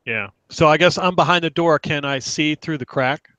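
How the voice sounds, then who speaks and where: A man's voice: a little high, normal speed, pushed and bright, no echo, low-quality recording. A man playing a tabletop game, describing his character's actions with dry jokes. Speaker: player. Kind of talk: casual tabletop play.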